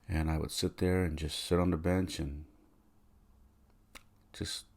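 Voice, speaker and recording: Low gravelly man reflecting quietly. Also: flat delivery, measured pace. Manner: soft-spoken, rambling with restarts. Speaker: podcast host. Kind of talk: reflective personal monologue.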